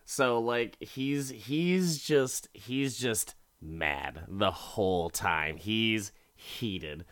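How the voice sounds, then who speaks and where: A man's voice: fairly low pitch, very slow, a bit bright, no echo. A young man casually recapping a show, sarcastic and rambling, with frequent restarts and chuckles.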